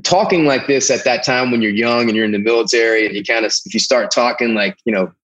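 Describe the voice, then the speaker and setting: A middle-aged man from the American South with a Southern accent, telling a long personal story as an interview guest in a rambling, animated way. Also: medium pitch, quick pace, low-quality recording. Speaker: guest, Navy veteran. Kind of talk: casual storytelling.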